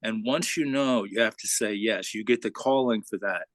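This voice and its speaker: A man sharing in a spiritual group, halting and searching for words. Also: on the low side, a bit bright, no echo, rough recording. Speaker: participant.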